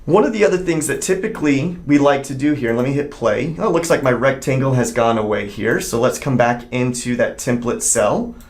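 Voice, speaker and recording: A man teaching a screen-recorded software tutorial, explaining each step in a conversational way and thinking aloud as he works. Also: mid-range voice, brisk, hardly any pauses.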